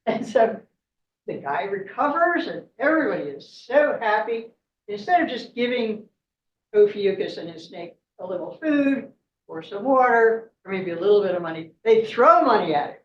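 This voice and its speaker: Very animated at a medium pitch and normal speed, this woman narrates a myth chattily as a guest at a club meeting, laughing often and saying "right?" to check in. Slight background noise sits over a dull, echoey recording made with a distant mic.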